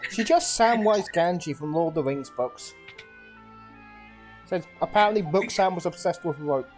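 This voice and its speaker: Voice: mid-range voice, animated, normal speed, a little mellow, soft background music. A co-streamer on a casual game stream, joking and chatty.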